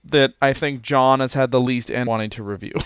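A man's voice: mid-range voice, moderate pace, clear, resonant tone, no room sound, clean studio sound. A man co-hosting a comedy podcast, teasing and needling his partner in a mock-sincere way. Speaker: podcast co-host. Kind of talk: comedic casual chat.

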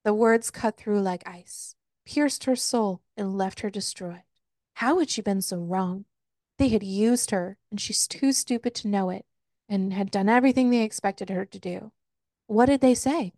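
A woman co-hosting a casual book podcast, retelling a plot with lots of swearing and quick put-on quotes of the characters. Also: mid-range voice, darkish tone, no echo, studio quality. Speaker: podcast co-host. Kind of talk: casual book-review chat.

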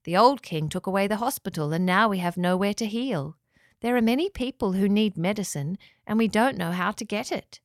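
Kobieta grająca wdzięczną starszą wieśniaczkę. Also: female voice, mid-range voice, a little fast, dry recording, clean studio sound, close to an everyday voice. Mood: plaintive. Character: frail grateful old village woman.

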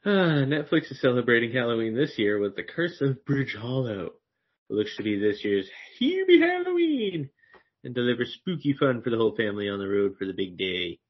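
A man's voice: mid-range voice, very animated, fairly quick, slightly rough. A man co-hosting a movie podcast, teasing his friends and reading movie news in a casual way. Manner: teasing, laughs often. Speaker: podcast co-host. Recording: dull lo-fi sound.

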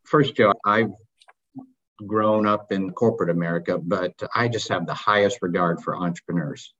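A man's voice: low-pitched, moderate pace, fairly bright tone. A man speaking as an interview guest in casual talk, earnest and emphatic, often posing questions. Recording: dull lo-fi audio.

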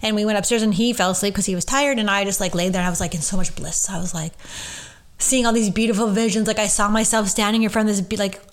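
A woman's voice: medium pitch, fairly even intonation, fast. A woman who works as a medium, hosting a casual solo podcast and talking in a gushing, rambling way full of fillers.

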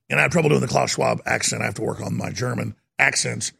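Gravelly talk radio host man. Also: mid-range voice, fairly even intonation, sharp tone. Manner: heated, emphatic, rapid-fire rant. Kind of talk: political talk radio monologue.

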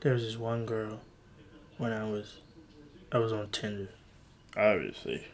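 A man's voice: lowish voice, level tone, measured pace. A young man rambling on his own podcast from a room at home, self-mocking, loose and profane. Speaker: podcast host. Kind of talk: casual solo podcast rambling.

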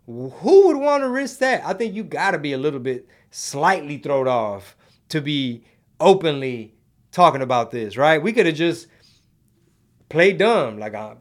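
A man's voice: a little high, sing-song, measured pace. A man hosting a casual livestream, rambling in slang and slipping into Spanish while reading the chat. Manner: laid-back slangy rambling, mixes in Spanish. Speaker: podcast host reading live chat.

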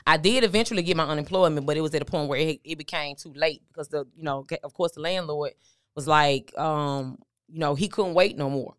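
Guest, woman, middle-aged, low and smooth voice, dry close sound, conversational storytelling. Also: brisk, no echo. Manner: conversational, recounting with quoted dialogue. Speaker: guest, motivational speaker. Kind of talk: candid storytelling interview.

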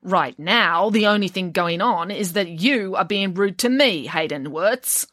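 A woman's voice: medium pitch, unhurried, a bit bright, no echo, clean studio sound, voice pushed up. A woman voicing a stern, unflappable veteran school secretary.

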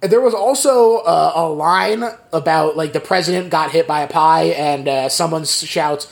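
A man's voice: fairly high pitch, moderate pace, creaky. A man hosting a podcast, recapping a film in casual chat and laughing often. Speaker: podcast host.

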